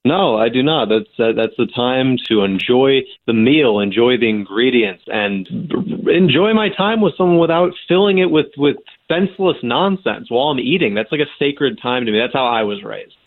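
A man's voice: medium pitch, normal speed. A man on the phone with a radio show, stubbornly defending his views. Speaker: caller. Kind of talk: phone call on air. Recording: tinny phone line.

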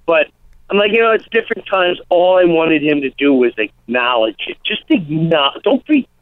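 Brief: comedian guest, man, higher-pitched talk, rambling, tinny phone-line sound, dry. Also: no room sound. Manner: rambling, lively, slips into quick impressions of people. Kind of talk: casual interview chat.

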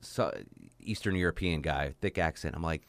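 A man's voice: extremely low pitch, normal speed. A man hosting an interview, telling an anecdote in a chatty, casual way. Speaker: podcast host.

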